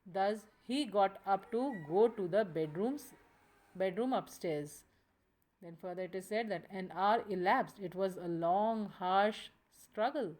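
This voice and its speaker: Slow-paced woman explaining a story. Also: mid-range voice, darkish tone. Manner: slow, with restarts and self-corrections. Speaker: teacher. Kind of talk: reading and explaining a story text.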